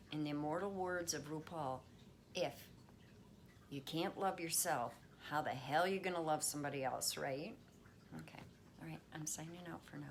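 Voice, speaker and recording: A woman's voice: low voice, normal speed, slight background noise. A woman hosting a casual wellness talk from home, chatty and reassuring. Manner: chatty, reassuring, talks baby talk to her cat. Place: at home with pets.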